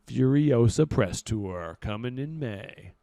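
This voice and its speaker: A man's voice: mid-range voice, animated, slow pace, vocal fry, warm tone, dry recording, clean studio sound. A young man co-hosting a podcast, chatting casually about styling clients in a laid-back, rambling way with lots of fillers. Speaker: podcast co-host and celebrity stylist. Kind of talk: casual chat.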